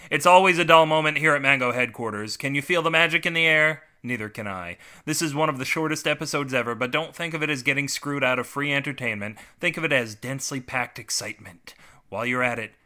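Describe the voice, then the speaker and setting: On a comic podcast he hosts, a man reads aloud a short story he wrote, dropping in sardonic, self-mocking asides with a deadpan delivery. His voice sits at a medium pitch and moves at a quick pace.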